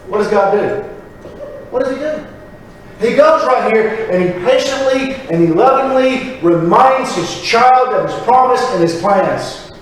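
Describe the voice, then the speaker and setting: A man preaching in a chapel, with a high voice for a man. He is picked up from a distance, and the big room echoes around him. He talks in a lively, conversational way, acting out prayers as he goes. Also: a little slow, a little hiss or hum. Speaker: pastor. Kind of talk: sermon. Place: church chapel. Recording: echoey church recording from far off.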